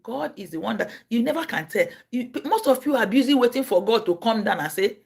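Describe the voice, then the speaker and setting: A Nigerian woman telling stories on her livestream. She acts out the people in them, jumping from a low murmur to high cries and shouts. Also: expressive, a little fast, gravelly, hardly any pauses, noisy background. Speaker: livestream host. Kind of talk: casual storytelling.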